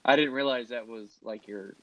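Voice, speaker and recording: A man's voice: mid-range voice, moderate pace, dry recording. A man co-hosting a casual comedy podcast, laid-back and swearing freely. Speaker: podcast co-host. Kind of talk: casual chat. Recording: dull lo-fi mic.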